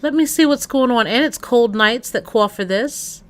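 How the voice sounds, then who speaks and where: A woman's voice: on the high side, normal speed. A woman livestreaming in casual chat, rambling and talking straight to her viewers. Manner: rambling, chatty, addresses chat directly.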